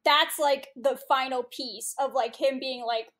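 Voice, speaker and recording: A woman's voice: sits high, fairly even intonation, a little slow, a bit bright. A woman co-hosting a podcast in casual chat, talking in hesitant, filler-heavy bursts. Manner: hesitant, filler-heavy, then firm objections. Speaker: podcast co-host.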